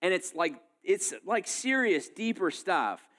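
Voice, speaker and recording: A man in his thirties preaching a sermon in a casual, animated way, full of fillers and asides. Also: high-pitched, slow. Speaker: pastor.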